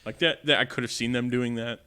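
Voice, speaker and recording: A man's voice: mid-range voice, steady tone, fairly quick, sharp tone, smooth. A man co-hosting a casual movie review podcast, talking loosely with many "like"s and "um"s. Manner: loose, filler-heavy talk with lots of "like" and "um". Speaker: podcast co-host.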